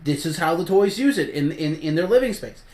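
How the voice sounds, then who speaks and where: A woman hosting a casual review chat, swearing often and exasperated, breaking into loud shouts. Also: fairly low pitch, expressive, a little fast. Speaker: host.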